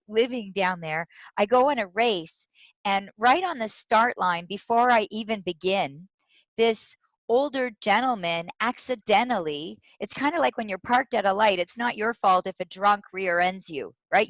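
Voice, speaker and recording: A woman speaker, a guest in an interview, telling a personal story with lively quoted voices. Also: medium pitch, moderate pace, dry recording. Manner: animated, tells stories with quoted voices. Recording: dull lo-fi sound.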